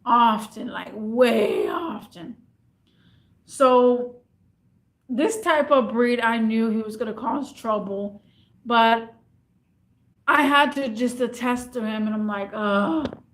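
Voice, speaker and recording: High-voiced woman rambling through a story. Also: takes it slowly. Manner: rambling and repetitive, animated retelling. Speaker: retail worker. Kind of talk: casual storytime vlog.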